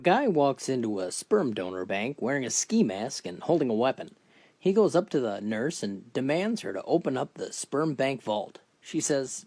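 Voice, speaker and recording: Deadpan man telling dirty jokes. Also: normal speed. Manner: deadpan storytelling, briefly lifting pitch for characters. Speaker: joke teller. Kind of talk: narrated dirty jokes with quick character voices.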